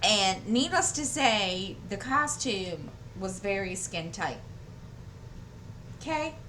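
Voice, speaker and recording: Slow-talking woman with a bright voice. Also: medium pitch, very animated, slight background noise. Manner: rambling storyteller with many fillers and restarts. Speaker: craft channel host. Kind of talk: casual chat while diamond painting. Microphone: desk microphone.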